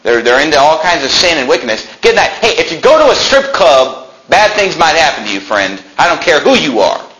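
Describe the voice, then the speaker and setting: A man's voice: fairly high pitch, a little fast, hardly any pauses, rough recording. Man preaching a conversational sermon. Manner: conversational preaching, animated outbursts and mocking quotes. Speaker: pastor. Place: church sanctuary.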